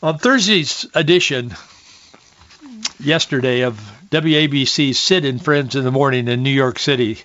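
A man's voice: medium pitch, normal speed, fairly bright tone, muffled recording. A man hosting a talk radio show, reading quotes and commenting with folksy restarts and rising heat.

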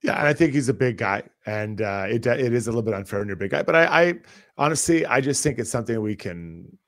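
Energetic male hockey podcast host. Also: mid-range voice, quick pace, dry recording, clean studio sound. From Canada. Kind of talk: casual sports talk and read ads.

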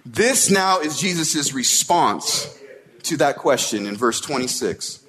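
A man's voice: medium pitch, animated, measured pace, bright, forceful tone, husky. A man preaching a sermon in a casual, conversational way, often checking in with his listeners. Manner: conversational preaching, tag questions like "right?". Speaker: pastor.

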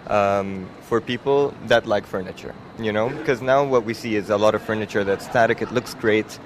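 A man from the United Arab Emirates answers interview questions outdoors at a design event. He talks in a relaxed, easygoing way, full of fillers, and his voice sits fairly low. Faint traffic hum runs behind him. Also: normal speed. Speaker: designer guest.

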